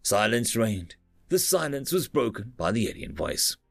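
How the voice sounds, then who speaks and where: A man's voice: lowish voice, sing-song, moderate pace, creaky, faint music behind. Man narrating a sci-fi audiobook.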